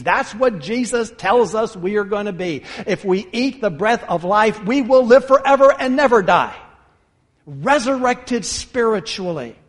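Emphatic high-voiced preacher in a hall. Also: male voice. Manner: emphatic, addresses listeners as brothers and sisters. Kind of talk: sermon. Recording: long hall reverb.

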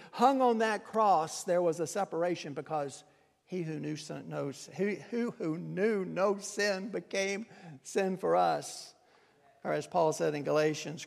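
High-voiced preacher in an echoing hall. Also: male voice, creaky. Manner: impassioned, swings from hushed to loud crying out. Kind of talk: sermon. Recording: long reverb of a hall.

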